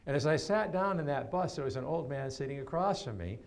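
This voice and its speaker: A man in his seventies from New York, giving a keynote talk as a storyteller and telling stories with animated swings and laughter. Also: a little high, brisk. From New York, USA. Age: 70s.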